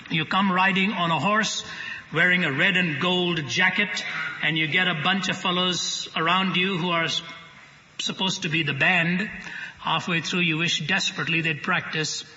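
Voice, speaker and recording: A male preacher tells a story to a live audience with dramatic timing and dry humor. His voice is bright, forceful and slightly high. It rings with long hall reverb on a dull, muffled broadcast. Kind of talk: sermon storytelling.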